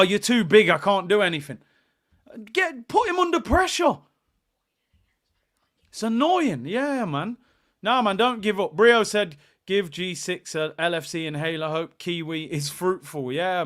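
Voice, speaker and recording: A young man hosting a live football watchalong, commentating on the match, reading out chat messages and shouting when play heats up. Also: fairly high pitch.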